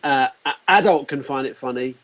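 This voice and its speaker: A man in his forties telling animated anecdotes as an interview guest, acting out the quotes. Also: medium pitch, a little fast. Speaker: guest, company founder. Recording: dull lo-fi sound.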